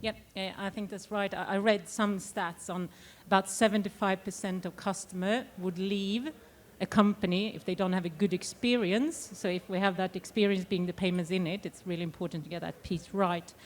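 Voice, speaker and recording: A woman from Sweden moderating a conference panel on stage, speaking in an upbeat, lively way. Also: mid-range voice, normal speed.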